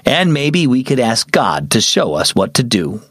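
A man voicing a tired but gentle middle-aged father who speaks calmly and reassuringly in a children's audio story. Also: medium pitch, unhurried, dry recording, clean studio sound.

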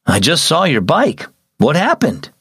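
A man voicing a tired but gentle middle-aged father who speaks calmly and reassuringly in a children's audio story. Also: fairly high pitch, a little slow, husky, dry recording, clean studio sound, full character voice.

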